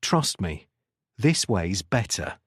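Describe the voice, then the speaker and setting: A hard-boiled ex-London detective talks his partner round, calm and self-assured, as a male narrator acts him out. The London accent is clear and the delivery moves around a lot, recorded close and dry. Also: sits low, slow, no room sound, exaggerated voice. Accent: London English. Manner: calm, reassuring.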